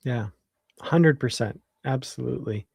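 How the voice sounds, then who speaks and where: Casting note: mellow male co-host, relaxed and thoughtful, dry close sound. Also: mid-range voice, a little slow, vocal fry, breathy edge, dry recording. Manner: thoughtful, relaxed, hesitant with fillers. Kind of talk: casual chat.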